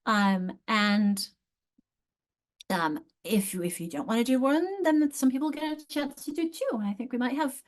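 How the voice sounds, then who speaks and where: A woman guides teachers through spelling steps in an online training session, often backing up mid-sentence to rephrase. She speaks at a moderate pace in a fairly high voice.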